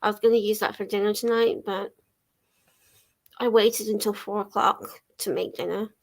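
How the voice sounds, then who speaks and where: A woman's voice: medium pitch, steady tone, normal speed. A young woman chatting casually on a livestream from her living room, laughing often and swearing lightly as she answers viewers. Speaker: livestream host. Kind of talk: casual chat while reading chat aloud.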